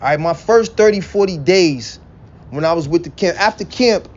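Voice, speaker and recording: A man's voice: on the high side, expressive, moderate pace, a little mellow. Blunt, profane man ranting, lo-fi audio. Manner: blunt, profane, quotes scripture, laughs. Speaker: religious vlogger. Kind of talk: casual profane preachy rant. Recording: dull lo-fi recording with faint vehicle noise.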